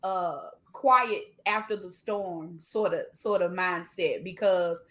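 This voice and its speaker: A woman's voice: on the low side, takes it slowly. A middle-aged woman hosting a podcast, chatting casually and asking her guests questions in a colloquial way. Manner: warm conversational questioning, colloquial. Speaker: podcast host. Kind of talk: casual chat.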